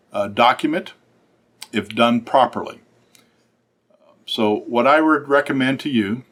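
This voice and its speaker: A middle-aged man, a fraternal order's state secretary, giving earnest instructional advice to council leaders with frequent pauses. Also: medium pitch, fairly bright tone.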